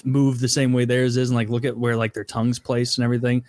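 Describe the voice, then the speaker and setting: A man's voice: mid-range voice, flat delivery, quick pace, darkish tone, dry recording. Rambling male co-host, dry close sound. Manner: rambling, many fillers. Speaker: podcast co-host. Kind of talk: casual chat.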